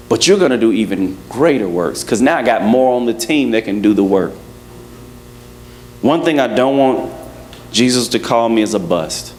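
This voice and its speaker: A man preaching a lively sermon to his congregation, joking and acting out little scenes as he goes. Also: medium pitch. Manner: playful, acts out quotes, laughs with congregation. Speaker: pastor. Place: church service.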